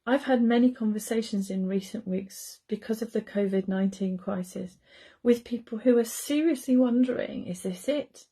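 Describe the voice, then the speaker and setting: A woman with an English accent, a church minister sharing a gentle, heartfelt Good Friday reflection in a conversational way. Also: on the high side, moderate pace.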